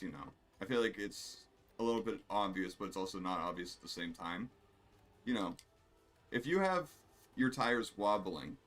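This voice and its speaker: A man's voice: low-pitched, a bit bright. A man streaming a racing game, rambling and swearing in casual commentary while he plays. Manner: rambling, profane, self-amused.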